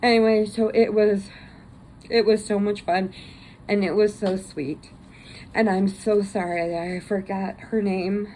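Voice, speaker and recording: A chatty woman from Illinois hosts her crochet vlog, rambling on and laughing through tears. Her voice sits at an ordinary middle pitch for a woman. A faint hum of room noise runs under her talk. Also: steady tone, unhurried, dark tone, poor audio. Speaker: crochet channel host. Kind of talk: casual chat.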